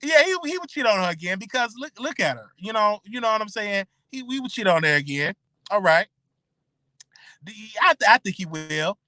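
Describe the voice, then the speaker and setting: A man's voice: sits high, animated, normal speed, pushed and bright, dry recording. A man hosting his own show, talking casually to his listeners in a chatty way, often repeating himself and restarting his words. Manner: repetitive, chatty, stammering restarts; addresses listeners directly. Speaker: show host. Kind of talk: casual commentary stream.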